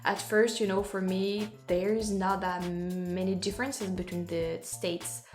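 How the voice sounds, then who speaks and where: A woman's voice: medium pitch, little pitch movement, a little mellow, soft background music. A woman with a French accent, a native French speaker, hosting a casual reaction chat and often stopping to correct herself. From France. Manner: halting, self-correcting, laughs at herself. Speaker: YouTube host.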